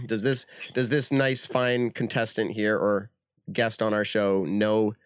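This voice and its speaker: A man's voice: fairly low pitch, flat delivery, takes it slowly, clean tone, dry recording, clean studio sound. A man hosting a podcast game segment, laughing often and keeping the quiz moving with upbeat patter. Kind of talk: casual chat.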